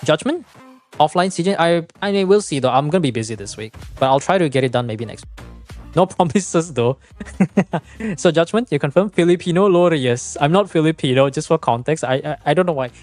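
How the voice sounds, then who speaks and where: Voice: medium pitch, lively intonation, fairly quick, darkish tone, soft background music. A game streamer in casual livestream chat, explaining numbers, chatting and laughing often.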